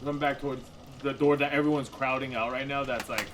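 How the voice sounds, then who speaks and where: A man's voice: mid-range voice, steady tone, brisk. A man running a tabletop game as dungeon master, describing scenes in a rambling way with lots of fillers and restarts. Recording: noisy room recording.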